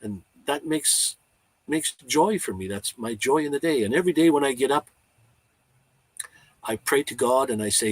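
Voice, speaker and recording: A man chats on a live stream in a husky, slightly breathy voice, rambling and heartfelt, often restarting his sentences. His voice sits at an ordinary middle pitch, and the sound is dry and close with no room around it. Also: animated, moderate pace, long pauses, no room sound, poor audio. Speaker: vlogger hosting a live chat. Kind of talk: casual live-stream chat.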